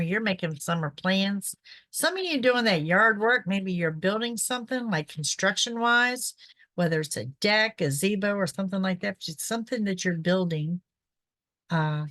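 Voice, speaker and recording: A woman hosting a psychic show gives a chatty, casual horoscope reading, constantly checking in with "okay?". Her voice is on the low side and fairly bright, at a moderate pace, and pollen has irritated her throat. There's no room sound.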